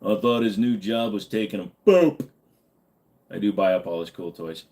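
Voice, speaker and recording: Low-voiced joking livestream host. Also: male voice, moderate pace, a little mellow. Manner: loose, joking, swears casually, reads chat aloud. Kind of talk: casual live chat answering viewers.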